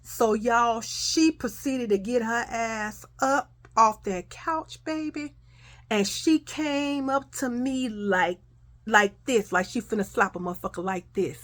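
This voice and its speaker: A woman tells a story from her childhood in a casual, animated, foul-mouthed way, frequently calling her listeners "y'all." Her voice is on the high side and she speaks slowly.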